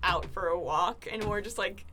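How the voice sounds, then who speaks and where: A woman co-hosting a casual podcast, reacting with giggles and expressive exclamations. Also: medium pitch, normal speed, very noisy. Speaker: podcast co-host. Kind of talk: casual chat.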